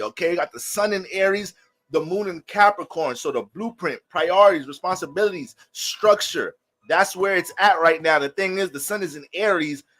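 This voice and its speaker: Brief: man, fairly high voice, relaxed astrology host who swears freely and jokes between readings. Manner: loose, profane, joking, addresses viewers as family. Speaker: astrology reader. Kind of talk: casual astrology talk with storytelling.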